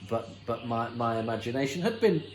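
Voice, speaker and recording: A man's voice: medium pitch, expressive, fairly quick, rough recording. A man hosting a watch-along, commenting on an old episode in a chatty, enthusiastic way with many fillers and restarts. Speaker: host.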